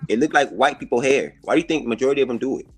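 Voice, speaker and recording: A man's voice: mid-range voice, racing, breathy edge. A man arguing bluntly and with heavy profanity in a heated casual panel debate.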